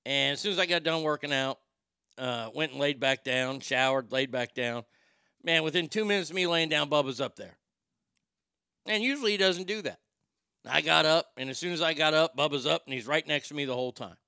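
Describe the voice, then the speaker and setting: A man's voice: fairly high pitch, a little fast, sharp tone, smooth, no echo. A man in his forties hosting a casual livestream from his home studio, rambling and joking with plenty of swearing. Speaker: livestream host.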